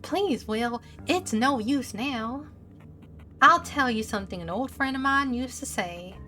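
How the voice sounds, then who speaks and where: A woman's voice: sits high, expressive, bright, forceful tone, faint music behind, heavily acted. A woman reading a stern male detective. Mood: coaxing. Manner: slow, pressing, accusing. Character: stern male police detective interrogating a suspect.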